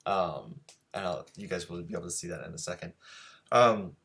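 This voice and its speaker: A man's voice: deep voice, animated, normal speed, vocal fry, a bit bright. A man hosting a casual live-streamed drawing lesson, easygoing and chatty with lots of ums as he greets viewers. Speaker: drawing teacher and show host.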